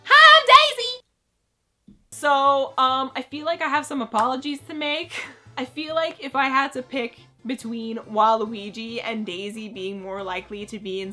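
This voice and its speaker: A woman chatting excitedly about video games in a casual vlog, jumping between jokes and hype. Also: on the high side. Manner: excitable, animated, jokey. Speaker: gaming vlogger.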